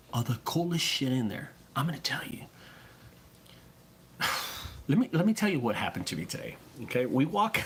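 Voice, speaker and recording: This is a man who runs a junk removal business, talking straight to his viewers. His pitch swings up and down a lot as he gets worked up, and he swears freely and stumbles over repeated words. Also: fairly bright tone, a little hiss or hum. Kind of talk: casual profane vlog talk.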